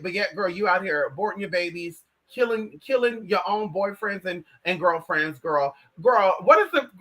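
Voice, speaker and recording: An American woman vlogging in casual chat, brash and profane, swinging between loud outbursts and low asides. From United States. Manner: brash, profane, addresses viewers as girl and bitch.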